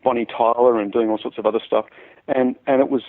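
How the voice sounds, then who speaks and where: An Australian man spins lively stories from his career. He stumbles over and repeats words as the tales tumble out. His voice comes through a thin, phone-like line at a middle pitch. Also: quick pace. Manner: animated storyteller who repeats words as he goes. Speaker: musician guest. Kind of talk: casual anecdote telling.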